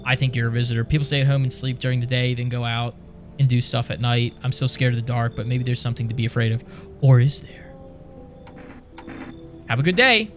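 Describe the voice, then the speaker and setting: A man voicing an eerie child in a horror game who talks calmly about odd rules. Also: mid-range voice, fairly quick, faint music behind, close to an everyday voice. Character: eerie child who sees night as normal.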